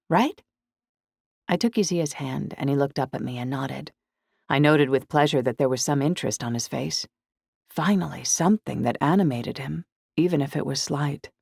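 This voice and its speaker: A woman's voice: a bass voice, creaky, darkish tone, breathy edge, no room sound. Woman reading a novel, dry close sound. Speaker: audiobook narrator. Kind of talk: scripted first-person narration.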